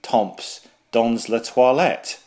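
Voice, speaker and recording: A man's voice: mid-range voice, a little mellow, lightly acted. A man putting on a mock French accent to read out a pompous Frenchman's letter. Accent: exaggerated fake French. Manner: slow, theatrical, mocking.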